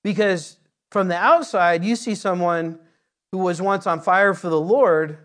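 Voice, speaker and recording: A man's voice: sits high, unhurried, fairly bright tone. A man preaching a conversational sermon, repeating words and building to emphatic peaks. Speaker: pastor.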